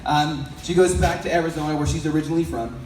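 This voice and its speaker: Fast-talking and slightly high-pitched, this man has a darkish, steady tone as he addresses an audience. His sermon-like storytelling is loose and conversational, punctuated by frequent questions to the crowd, and the sound comes from a distant mic in an echoey hall with faint background noise.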